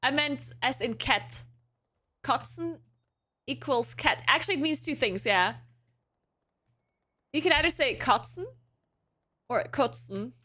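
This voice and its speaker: A woman's voice: high-pitched, lively intonation, unhurried, pauses often, sharp tone. A young woman with a German accent, a native German speaker, chatting casually with viewers on a live stream and laughing often.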